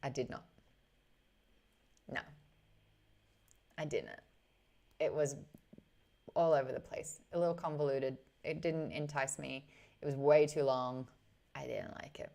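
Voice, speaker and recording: A woman's voice: rumbling low, a little slow, vocal fry, pauses often, warm tone. A young adult woman, chatting casually with viewers on a live stream, greeting the chat and laughing often.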